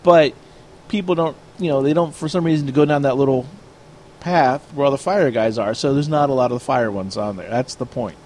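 A man's voice: mid-range voice, fairly quick, a little mellow, a little hiss or hum. A man chatting casually, telling a long story and acting out both sides of an argument. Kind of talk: casual chat.

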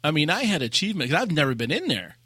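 A man spins a gaming tale in casual chat, his slightly high voice bright and crisp. He jumps into quoted lines with big swings of pitch and energy. The dry, close sound has almost no room in it. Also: very fast, no room sound. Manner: animated storyteller, acts out quotes. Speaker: podcast co-host.

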